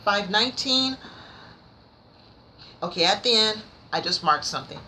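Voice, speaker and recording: A woman reviewing books in a casual vlog, nervous and rambling, stumbling over her words but excited and passionate. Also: lowish voice, quick pace, a little hiss or hum, low-quality recording. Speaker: book vlogger. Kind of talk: casual book review chat.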